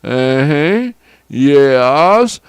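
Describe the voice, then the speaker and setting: A man's voice: mid-range voice, sing-song, drawn-out words, clear, resonant tone, no echo. A man with an Antiguan accent hosting a radio show, chatting casually and reading out lunch specials with relish. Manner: chatty, chuckling, savoring the food aloud. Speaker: radio host.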